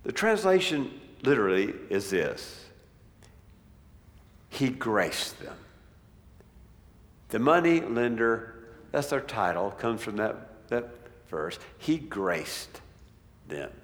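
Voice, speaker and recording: Male preacher, slow deliberate delivery, dramatic dynamics, large church with long echo. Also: fairly low pitch, sing-song. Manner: dramatic swings from loud declaiming to near-whisper. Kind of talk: sermon. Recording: long reverb of a large hall.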